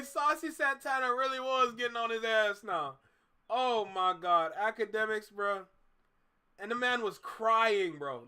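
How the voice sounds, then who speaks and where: Caribbean-accented male reaction host, high and swooping, drawn-out exclamations. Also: bright, forceful tone, clear, resonant tone. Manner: laughing, slow, exclaiming, slips into patois. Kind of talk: live reaction commentary.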